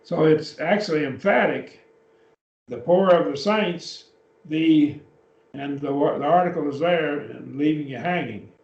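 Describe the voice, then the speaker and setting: A man leads a Bible class, talking through each point and checking in with his students. His voice sits a little high and reaches the mic from a distance. The room is echoey and the recording sounds dull and muffled. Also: a little slow, darkish tone. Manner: explanatory, checks with "okay?". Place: church classroom.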